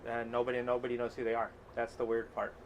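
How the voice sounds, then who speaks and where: A quick-talking man in his forties, a stand-up comedian from Utah, trading jokes and stories as an interview guest. He rattles along at a brisk clip. A faint hum of room ambience sits behind him. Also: mid-range voice, monotone, highs cut off. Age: 40s. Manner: quick, joking, anecdotal. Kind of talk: casual interview chat.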